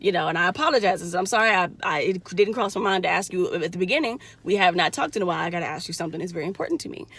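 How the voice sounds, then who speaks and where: A woman's voice: on the low side, racing, few pauses. A young adult woman casually telling her viewers a story, blunt and profane, acting out the voices in what was said. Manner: blunt, profane, animated retelling with quoted voices. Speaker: vlogger.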